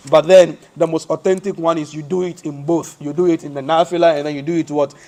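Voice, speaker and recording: A fairly high-voiced man gives a mosque lesson. He quizzes his listeners with rhetorical questions and answers them himself. He walks through each point step by step. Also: fairly even intonation, quick pace, dark tone. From West Africa. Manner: explains step by step, shows hand positions as he speaks. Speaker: Islamic teacher.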